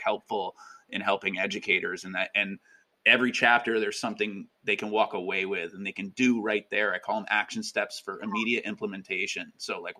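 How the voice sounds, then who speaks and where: Guy in his 30s, casual interview chat, upbeat, bright sharp tone. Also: fairly low pitch. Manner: upbeat, chatty, many fillers. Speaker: guest educator and author.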